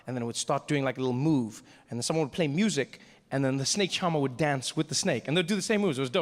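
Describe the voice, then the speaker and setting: A man telling a stand-up comedy story, lively and animated, acting out the other people in it with big jumps in pitch. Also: in a large hall.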